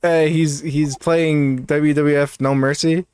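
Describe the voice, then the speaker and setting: A man's voice: fairly high pitch, little pitch movement, takes it slowly, darkish tone. Rambling man on a casual gaming podcast. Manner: rambling, many restarts and laughs. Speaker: podcast co-host.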